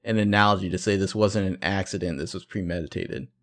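A man's voice: low-pitched, quick pace. A man co-hosting a podcast, recapping an episode in casual chat and laughing often. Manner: laughs often, lively delivery. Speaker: podcast co-host.

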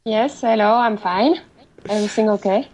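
A French-accented woman speaks as a guest over a remote call. She talks hesitantly in simple phrases and keeps apologizing, in a middle-pitched voice. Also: moderate pace, a little mellow, poor audio. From France. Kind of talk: casual chat.

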